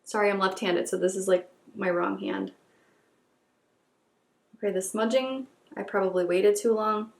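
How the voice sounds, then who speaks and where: A woman beauty vlogger doing an excited unboxing chat, gushing and gasping as she repeats her delight. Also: mid-range voice, moderate pace, vocal fry, long pauses, reverberant.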